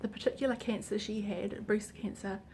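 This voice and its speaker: A woman's voice: medium pitch, steady tone, moderate pace, creaky, a little mellow, slight background noise. A woman talking to camera in a personal vlog, earnest and emotional, her voice sometimes dropping to a near-whisper. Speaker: vlogger. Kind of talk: casual personal vlog talk.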